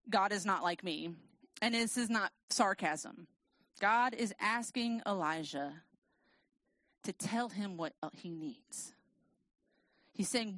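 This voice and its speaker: A woman preaching a sermon and reading scripture aloud, with a casual, self-deprecating, lively storytelling manner. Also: medium pitch, measured pace, dry recording, poor audio.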